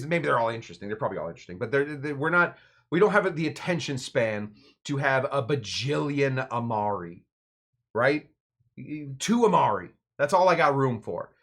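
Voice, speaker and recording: A man's voice: medium pitch, fairly bright tone. Rambling man hosting a cocktail show. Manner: rambling, joking, self-interrupting. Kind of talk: casual rambling cocktail demo.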